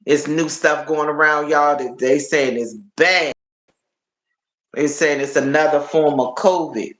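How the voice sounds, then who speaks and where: A man's voice: a little high, fairly even intonation, unhurried, fairly bright tone, reverberant. A man hosting a casual live stream, chatty and tired, repeating himself and calling his viewers y'all. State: tired and achy. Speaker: livestream host.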